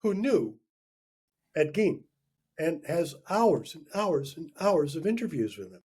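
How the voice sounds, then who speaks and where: A man's voice: fairly high pitch, very animated, slow, dark tone, slightly rough. An older man, a folklorist guest, telling stories in a wry, theatrical way. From Wisconsin. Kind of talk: casual interview chat.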